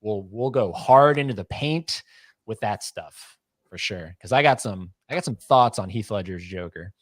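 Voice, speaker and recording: A man's voice: fairly low pitch, lively intonation, moderate pace, dry recording, clean studio sound. A man in his thirties co-hosting a casual livestream, reading chat comments aloud and teasing with a rambling, joking manner. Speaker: podcast co-host.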